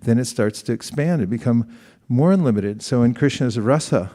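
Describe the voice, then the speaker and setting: A man's voice: mid-range voice, expressive, moderate pace, warm tone. A middle-aged man giving a conversational sermon, asking the audience questions and acting out quoted exchanges. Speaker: spiritual teacher.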